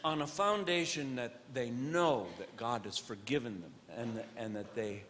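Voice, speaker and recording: This stand-up comic speaks at normal speed in a medium pitch, putting questions straight to people in the crowd. He alternates sincere, sermon-like stretches with loud comedic bits, captured with long hall reverb and a little noise.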